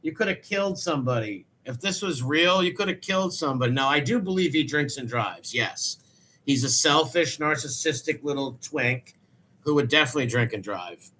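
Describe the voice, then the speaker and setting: A man's voice: mid-range voice, lively intonation, moderate pace, pushed and bright, a little hiss or hum. A man hosting a crude, sarcastic commentary show, mocking clips he plays. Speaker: host.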